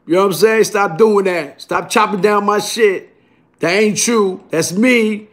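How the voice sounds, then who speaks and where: A middle-aged man with a New York accent and a notably high voice, spinning a loose story straight to the camera. His talk is streetwise and profane, and he keeps checking in with the listener as he goes. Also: measured pace. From Brooklyn, New York. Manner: streetwise, profane, keeps asking "you heard?". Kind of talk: casual storytelling monologue.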